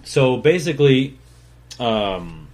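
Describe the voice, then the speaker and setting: A man's voice: medium pitch, sing-song, takes it slowly, a little mellow. A man hosting his own talk show, telling his life story in a loose, rambling way with lots of fillers and swearing, dropping to a mumble on asides. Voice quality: swears freely, acts out other people's voices in quoted dialogue. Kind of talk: casual storytelling monologue.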